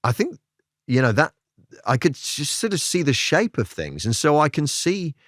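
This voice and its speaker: A comedian being interviewed, talking in a reflective, self-deprecating way and breaking into laughter now and then. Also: male voice, fairly high pitch, very animated, moderate pace, a bit bright, dry recording, clean studio sound. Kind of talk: candid interview chat.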